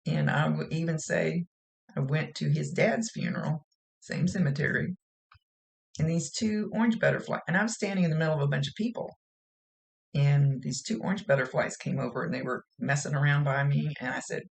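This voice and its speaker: A woman's voice: deep voice, normal speed, gravelly. A woman working as a psychic medium, giving a casual reading in a chatty, folksy, rambling way.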